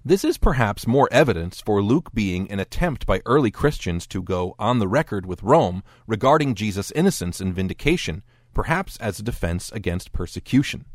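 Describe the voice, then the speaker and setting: A man's voice: fairly low pitch, sing-song, normal speed, few pauses, no room sound. A man giving scripted narration as a lecturer, explaining texts in a dry, wry tone and voicing quoted speech briefly.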